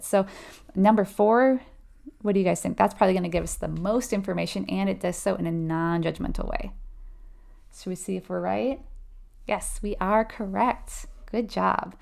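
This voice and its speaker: At a moderate pace, a woman with a gravelly, slightly mellow mid-range voice and fairly even intonation leads a live nursing exam review. She chats conversationally, explains each step, puts questions to her viewers, and laughs lightly while mimicking client answers.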